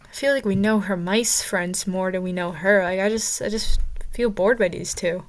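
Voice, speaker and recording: A woman's voice: mid-range voice, normal speed. A young woman giving casual, rambling commentary as she ranks characters in a vlog, chatty and opinionated, with lots of fillers and stumbles. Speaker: vlogger ranking characters.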